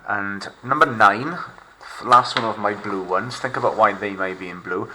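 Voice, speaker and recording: A man with a Welsh accent teaching a recorded remote lesson, modelling words slowly and clearly for students to repeat. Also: fairly low pitch, bright, forceful tone, slight background noise. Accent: Welsh English.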